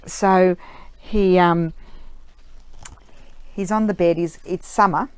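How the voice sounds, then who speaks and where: Chatty Australian woman with a lowish voice. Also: steady tone, slow, smooth. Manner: chatty, rambling, many fillers and restarts. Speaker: craft vlogger. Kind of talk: casual storytelling while crafting.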